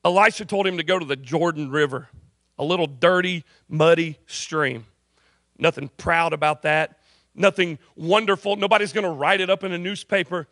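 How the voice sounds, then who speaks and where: A man's voice: fairly high pitch, normal speed, no echo, studio quality. A man preaching a sermon as a pastor in a university chapel, telling the story with jokes and acted-out voices. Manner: animated, jokey storytelling with voiced characters. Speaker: campus pastor.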